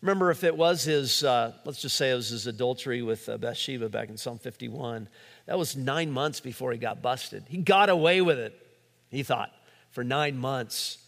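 A male pastor preaching a sermon in a relaxed conversational way, with frequent fillers and restarts. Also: mid-range voice, moderate pace, gravelly, big-room sound.

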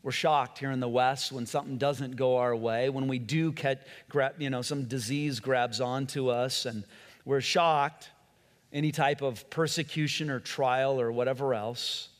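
A man's voice: mid-range voice, fairly even intonation, unhurried, long reverb tail. A man preaching a sermon in a conversational way, acting out quotes and often restarting his sentences. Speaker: pastor.

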